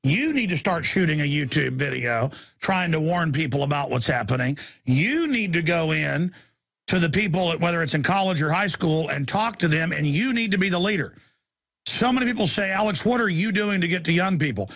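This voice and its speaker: With lively intonation, a male radio talk host tears through a heated monologue, shouting insults in bursts. Afterward he fires off a quick sales pitch and then takes callers.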